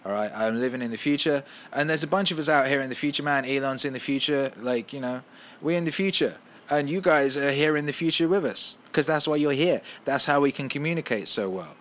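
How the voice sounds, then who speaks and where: A man hosting a casual podcast at home, ranting with heavy swearing and loud heated outbursts. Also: medium pitch, fairly quick. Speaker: podcast host.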